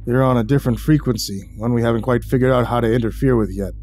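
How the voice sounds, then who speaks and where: A man voicing a seasoned male hunter who explains things in a measured way. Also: mid-range voice, darkish tone, soft background music, lightly acted. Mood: explaining.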